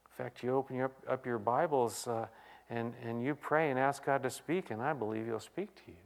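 A male pastor delivering a sermon, reading scripture aloud and moving between loud emphatic questions and hushed, quiet passages. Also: mid-range voice, fairly even intonation, moderate pace, gravelly. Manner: dynamic preaching, swinging from loud exclamations to hushed quiet.

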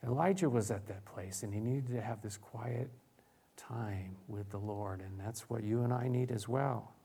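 A man preaches from the pulpit in an ordinary, middle-pitched voice. He stumbles and repeats words, then leans into loud, drawn-out emphasis before sinking into hushed, almost whispered phrases. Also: gravelly, slightly rough. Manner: repeats words and restarts often. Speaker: pastor. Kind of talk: sermon.

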